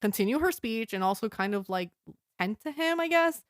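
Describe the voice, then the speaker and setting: A woman's voice: a little high, animated, normal speed, dry recording, studio quality. A woman co-hosting a podcast, recapping a movie in a rambling, casual way and swearing freely. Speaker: podcast co-host.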